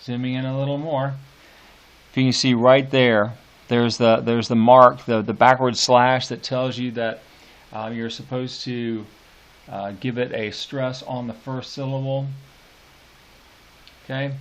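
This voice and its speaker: A man teaching a poetry lesson, unhurried and hesitant, full of fillers, reading verse lines slowly and deliberately. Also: mid-range voice, level tone. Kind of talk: classroom lecture on poetry.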